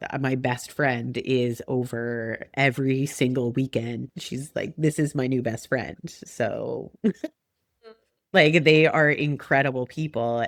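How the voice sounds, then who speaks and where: A woman's voice: very deep voice, no echo, studio quality. A woman in her forties, a podcast guest chatting casually and acting out remembered conversations. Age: 40s. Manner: animated, acts out remembered talk with laughs.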